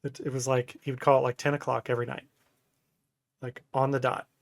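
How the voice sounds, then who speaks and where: A man's voice: mid-range voice, level tone, brisk, creaky. A man in his thirties, co-hosting a casual podcast chat, who tells rambling stories and laughs often. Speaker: podcast co-host.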